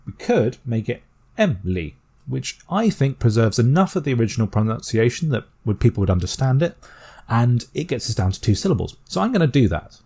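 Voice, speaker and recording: A British man explaining a constructed language step by step in a calm, methodical tutorial voice. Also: medium pitch, vocal fry, breathy edge. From Britain. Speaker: language teacher.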